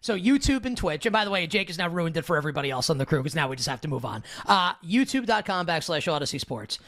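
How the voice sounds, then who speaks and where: A man's voice: on the high side, big pitch swings, quick pace, fairly bright tone. A man co-hosting a sports betting podcast, chatting casually with frequent stammered restarts and laughs. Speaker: podcast co-host.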